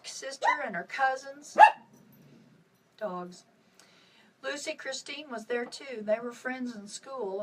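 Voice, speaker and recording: A woman author reading her own novel aloud on a live stream, with expressive dips and rises. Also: a little high, far from the mic, noisy background. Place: at home on a live video stream.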